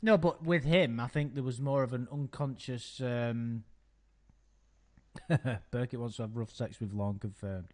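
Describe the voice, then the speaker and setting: A man co-hosting a loose, casual chat online. He talks with wry, crude humour and slips into mock-gruff rants. His voice sits in a middle pitch. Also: unhurried, darkish tone. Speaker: co-host.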